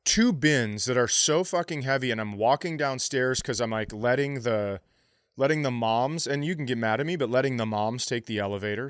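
A middle-aged man tells a comic story on a podcast, swearing freely and acting out other people's lines in a raised voice. His pitch is medium for a man. The sound is dry and close. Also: dry recording. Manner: animated, profane, acts out quotes in raised voice. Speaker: podcast co-host. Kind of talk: casual comedic storytelling.

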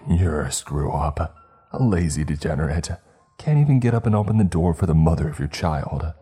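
A man voicing a creature that mimics a young woman, soft and sweet at first, then scornful and screaming. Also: very deep voice, sing-song, measured pace, husky, faint music behind, heavily acted. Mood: venomous.

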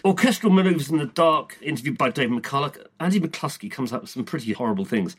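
A man's voice: medium pitch, animated, fast, few pauses, husky. A man with a British accent hosting a podcast, reading old press clippings aloud in a casual, rambling way with stammered restarts. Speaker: podcast host.

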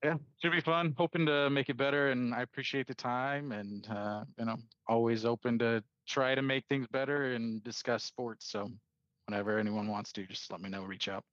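A man's voice: mid-range voice, fairly even intonation, normal speed, fairly bright tone, no echo. A man who is a sports analytics guest on a podcast, telling stories chattily and acting out quoted dialogue. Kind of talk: casual interview chat. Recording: slightly dull, dry sound.

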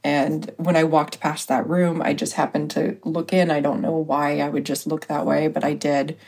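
A woman with a notably low voice talks through a personal story as a podcast guest. Her telling is casual and halting, with frequent pauses and small fillers as she searches for words. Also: little pitch movement, a little mellow, husky. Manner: hesitant, full of pauses and fillers.

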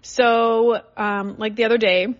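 A woman's voice: fairly high pitch, level tone, slow pace, muffled recording. A young adult woman from Canada hosting a podcast in a casual, chatty, rambling way with lots of fillers. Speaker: podcast host. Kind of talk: casual solo chat. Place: in a car.

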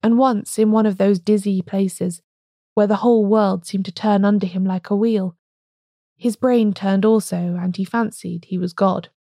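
A woman voicing a calm, wise male priest who speaks gravely and gently in an audiobook reading. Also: high voice, normal speed, no echo, clean studio sound.

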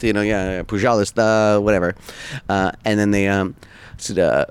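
A man's voice: on the low side, moderate pace, clear, resonant tone, dry recording. A man hosting a podcast in casual chat, rambling with many fillers and frequent laughter. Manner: rambling, laughs often, lots of filler words. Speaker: podcast host.

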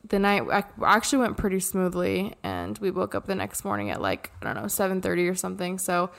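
A woman in her thirties, co-hosting a podcast, telling a family story in a lively way, laughing often and jumping in to finish her partner's sentences. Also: on the low side, a little fast, creaky. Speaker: podcast co-host. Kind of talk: casual storytelling.

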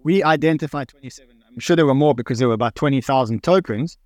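A man's voice: medium pitch, fast, darkish tone, dry recording. A man with a South African accent, a co-host on a live audio panel, explaining at length and running through lists of figures. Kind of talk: casual panel talk.

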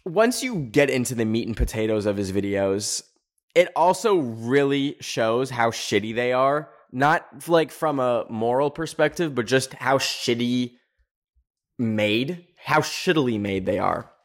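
A young male podcast host in a loose, profane rant. He talks sarcastically at a middling pitch, and it jumps sharply higher whenever he gets worked up. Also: a little slow. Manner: animated, profane, sarcastic, pitch leaping up on emphasis. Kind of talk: casual ranting commentary.

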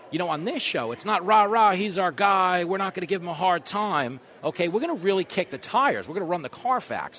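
Male talk radio host, bright lively delivery, comic monologue with sudden loud bursts; live event broadcast. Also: mid-range voice. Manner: fast joking riffs, big swings in loudness.

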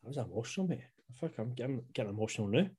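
A man's voice: mid-range voice, lively intonation, racing, warm tone, breathy edge. A young Scottish man co-hosting a casual podcast, laid-back and bantering, calling his co-host "mate". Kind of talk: casual chat. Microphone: podcast microphone.

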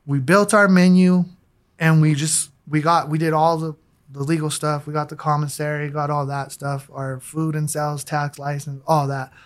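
A man's voice: fairly high pitch, level tone, moderate pace. Slangy man telling his story. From Denver, USA. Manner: slangy and candid, acts out quoted voices. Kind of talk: casual storytelling interview.

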